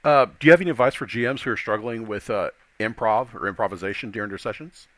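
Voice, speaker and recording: A man's voice: fairly low pitch, quick pace, fairly bright tone, dry recording. A man hosting an interview podcast, asking short, upbeat questions. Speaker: podcast host. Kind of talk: casual interview.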